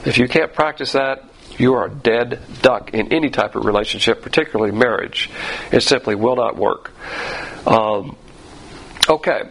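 A man's voice: mid-range voice, moderate pace, creaky, a bit bright, slightly rough, low-quality recording. A man preaching a sermon, emphatic, with rhetorical questions and frequent fillers. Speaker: pastor.

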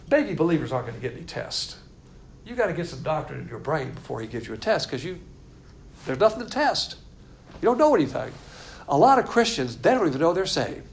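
Man, Bible teacher, gravelly voice, slightly high, blunt folksy sermon. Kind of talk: casual sermon.

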